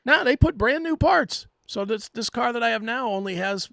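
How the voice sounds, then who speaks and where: A male co-host telling a profane, self-mocking story in animated casual chat. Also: very high-pitched, normal speed, gravelly, no room sound, studio quality, faint music behind.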